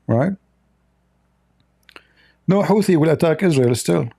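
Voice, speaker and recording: Guy ranting on his stream, dark gravelly voice, blunt, keeps restarting lines. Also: fairly high pitch, expressive, slow pace. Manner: blunt, opinionated, with frequent restarts. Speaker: commentary channel host. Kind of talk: livestream political commentary.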